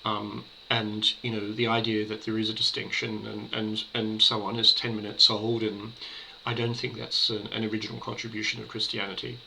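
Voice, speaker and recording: A man talks through a book review in an unhurried, hesitant way, often restarting his sentences. His voice sits fairly low, with a gravelly edge and a sharp, bright tone. A faint noise runs underneath. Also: monotone, rough recording. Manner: measured, hesitant, with fillers and restarts. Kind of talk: casual spoken book review.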